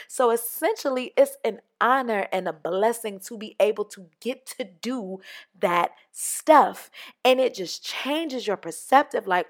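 Animated woman hosting a solo podcast. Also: a little high, a little slow. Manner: animated, acts out quoted voices, conversational. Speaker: podcast host. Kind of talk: casual solo podcast monologue.

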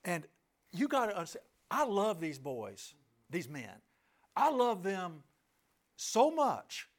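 Middle-aged guy telling a story from the stage, high voice that swings all over, keeps asking the crowd "you get that?". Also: wildly swooping pitch, takes it slowly. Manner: emphatic, with rhetorical questions to listeners. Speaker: speaker addressing an audience. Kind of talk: personal storytelling talk.

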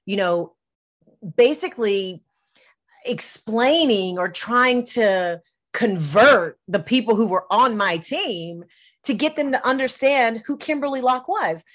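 Earnest woman, emphatic and lively. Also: fairly high pitch, takes it slowly. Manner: earnest, emphatic, restarts and repeats phrases. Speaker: singer and entertainment business owner, interview guest. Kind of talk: candid conversational interview.

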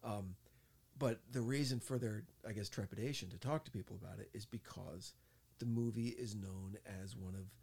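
A middle-aged man from New Jersey, co-hosting a podcast and telling stories in a casual, animated way, acting out quotes. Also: on the low side, moderate pace, creaky, slightly rough. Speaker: podcast co-host. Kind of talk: casual chat, storytelling.

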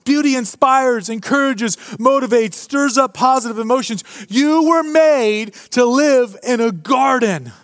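A male pastor preaching a sermon to a live congregation, animated and humorous in a conversational way. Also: very high-pitched, measured pace, few pauses, dry recording. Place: church before a live congregation.

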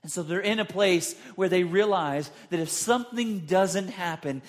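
A man preaching a sermon, acting out the people's words with sudden jumps in pitch and loudness. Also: normal speed, hardly any pauses. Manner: dramatic, acts out quotes with big pitch jumps. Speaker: pastor.

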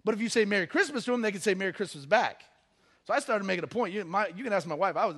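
Male pastor, high voice, animated storyteller mid-sermon in church. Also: fast. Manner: animated storytelling, acting out the people in his stories. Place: church service.

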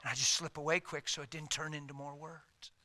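A middle-aged man preaching with a very bright, ringing voice and a slightly raised pitch. He tells his story animatedly, jumping between loud bursts and near-whispers. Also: a little fast. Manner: animated, swings from loud to hushed, acts out quotes. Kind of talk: sermon storytelling.

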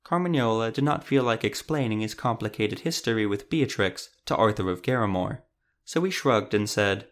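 A man narrating a fantasy audiobook in a steady storytelling manner. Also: fairly low pitch, normal speed.

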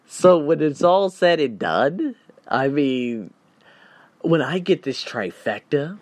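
A man hosting a solo podcast, talking in an emphatic, animated way that swings between loud bursts and quiet reflection. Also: on the high side, slow pace, no echo. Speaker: podcast host.

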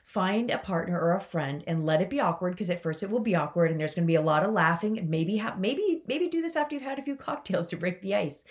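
A woman's voice: on the low side, lively intonation, quick pace, hardly any pauses. A woman hosting a motivational podcast, talking to her listeners in an enthusiastic, chatty way. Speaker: podcast host and coach.

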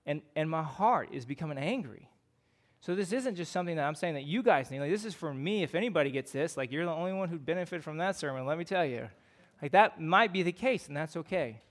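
A man's voice: on the high side, expressive, quick pace. A man with a Midwestern American accent preaching a sermon in a conversational way, often using fillers and asking rhetorical questions. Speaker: pastor.

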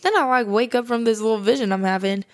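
Speaking fast in a slightly high voice, a woman hosting a podcast shares how her faith shaped her. She sounds earnest yet informal, dropping "like" throughout.

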